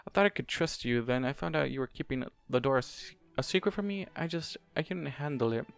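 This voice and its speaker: A man reading a fan fiction audiobook, voicing an anxious, tender female pony who talks in a hesitant, earnest, halting way. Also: mid-range voice, gravelly, clean tone, natural voice. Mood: distressed.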